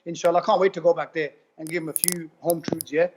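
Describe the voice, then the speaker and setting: A man giving an animated testimonial, retelling conversations in a rapid, repetitive way. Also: fairly high pitch, background noise. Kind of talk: animated personal storytelling. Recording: dull lo-fi recording.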